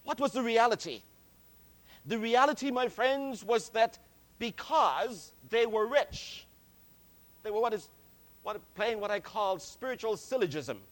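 A man preaching a sermon, slow and deliberate, stressing key words and calling his listeners friends. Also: extremely high pitch, expressive, fairly bright tone.

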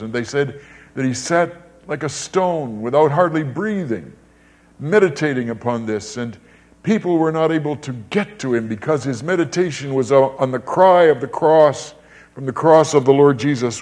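A man's voice: animated, moderate pace. Older man preaching with dramatic swings. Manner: emphatic, with wide swings in pitch and loudness and repeated phrases. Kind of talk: sermon.

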